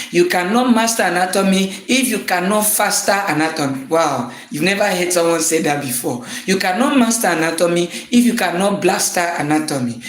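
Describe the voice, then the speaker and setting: A man's voice: high-pitched, roomy sound. Man lecturing in a rhythmic, repetitive cadence. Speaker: anatomy teacher. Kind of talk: motivational lecture.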